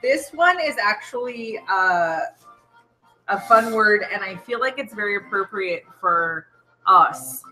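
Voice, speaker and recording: Bright-voiced woman, casual chat. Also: mid-range voice, expressive, slow pace, soft background music, rough recording. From Ireland. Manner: chatty, laughing, teacherly about words. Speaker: co-host. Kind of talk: casual drinking show chat.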